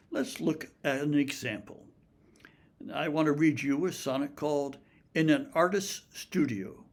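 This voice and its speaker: Slow gravelly male lecturer. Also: fairly high pitch. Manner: measured, explanatory, reads verse slowly and deliberately. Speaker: literature lecturer. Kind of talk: recorded lecture with poetry reading.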